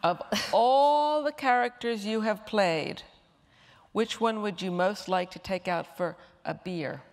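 A woman's voice: mid-range voice, slow. A woman interviewing a guest on stage, asking questions in a wry, offhand way. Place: stage in a large hall. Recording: long hall reverb.

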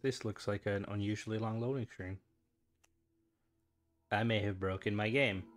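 A man's voice: on the low side, steady tone, moderate pace. A young Irish man chatting casually with viewers while streaming a game, rambling from one thought to the next. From Ireland.

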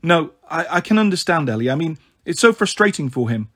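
A man's voice: on the high side, big pitch swings, brisk, fairly bright tone. A man reading aloud and voicing an upset thirteen-year-old girl who talks hesitantly and tearfully. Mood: troubled. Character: upset teenage girl, anxious and pressured.

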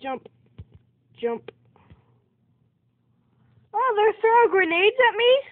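A woman's voice: very high-pitched, slow pace, no echo. A woman giving casual let's-play commentary over her gameplay, exclaiming and yelping at every surprise. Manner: excitable, exclaims and yelps at in-game surprises. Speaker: gamer recording gameplay commentary. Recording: tinny phone-like dry recording.

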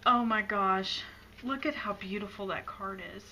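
A woman's voice: mid-range voice, normal speed, sharp tone. A tearful woman opening a gift box on camera, gushing in awe and often dropping to a near whisper. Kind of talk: casual unboxing chat. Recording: noisy room background.

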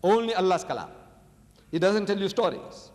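A man's voice: high voice, lively intonation, moderate pace, darkish tone. Emphatic male lecturer in a reverberant hall. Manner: rhetorical, emphatic, asks the audience questions. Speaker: religious lecturer. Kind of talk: public lecture on religion.

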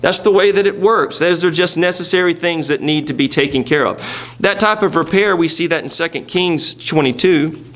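A man's voice: on the high side, normal speed, fairly bright tone. A man preaching a sermon in a church, reading scripture and talking to the congregation in a conversational way with rhetorical questions. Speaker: pastor. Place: church sanctuary.

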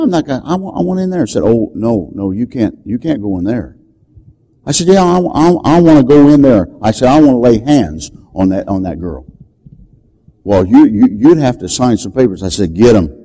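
An older man preaching, telling a story dramatically and shouting the commands he quotes. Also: mid-range voice, rough recording. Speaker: deliverance preacher. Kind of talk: storytelling sermon.

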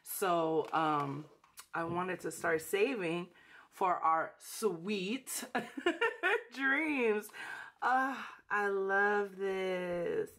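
Slow, gushing woman unboxing on camera. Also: mid-range voice, a bit bright. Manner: gushing, emotional, slangy, calls viewers sis and y'all. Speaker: budgeting channel host. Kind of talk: casual unboxing vlog.

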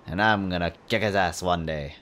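A man giving excitable, jokey commentary while playing a video game, often yelping and exclaiming. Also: low-pitched, normal speed. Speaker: let's play host. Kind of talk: gameplay commentary.

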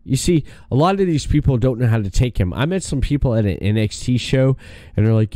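A man's voice: medium pitch, expressive, brisk, warm tone, no echo, clean studio sound. A man hosting a casual chat show, laughing often and swearing offhandedly. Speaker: talk show host.

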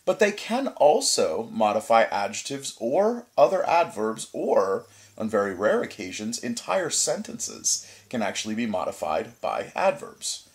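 Man, teacher, recorded grammar lesson, patient step-by-step explaining, fillers, low pitch, very animated. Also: measured pace, few pauses. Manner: frequent "certainly" and "uh" fillers.

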